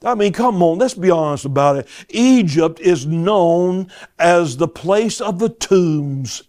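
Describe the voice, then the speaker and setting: A man's voice: sits high, expressive, slow pace, a little mellow. A man preaching a sermon, reading scripture and exhorting his listeners. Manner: emphatic, exhorting, with repeated interjections to the audience.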